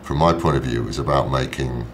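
A man, an actor, answering interview questions, halting and often repeating words as he thinks aloud. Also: rumbling low, slight background noise. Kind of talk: press junket interview.

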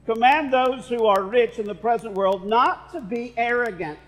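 A man's voice: very high voice, moderate pace, fairly bright tone, big-room sound, rough recording. A male pastor preaching a sermon, with playful asides to the congregation. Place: church sanctuary.

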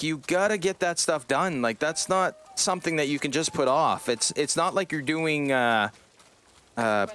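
A man's voice: a little high, fairly bright tone. A man streaming a game live, chatting casually with his viewers, joking and swearing now and then. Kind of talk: casual live-stream chat while gaming.

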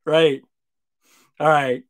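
A tired man hosting a late-night live stream, rambling casually and trailing off quietly. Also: on the high side, level tone, extremely slow. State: sleepy. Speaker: RC hobby channel host.

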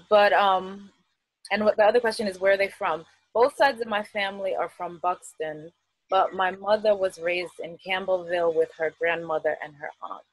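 A middle-aged American woman from Queens, New York, appears as a festival artist guest in a casual video-call interview, laughing often and using lots of fillers. Her voice sits at medium pitch and moves at normal speed. The recording is low quality with no echo.

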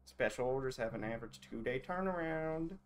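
A man's voice: medium pitch, animated, a little fast, slight background noise, close to an everyday voice. Man doing Wendy, twangy store clerk. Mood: polite, scripted. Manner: put-on country twang, formal customer-service phrasing. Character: chipper female general-store clerk, policy-obsessed. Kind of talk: voicing game dialogue aloud on a stream.

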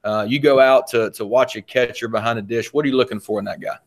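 This is a man with a mid-pitched voice hosting a casual interview. He encourages his guest and recaps what was said before he asks his next question. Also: steady tone, quick pace. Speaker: podcast host.

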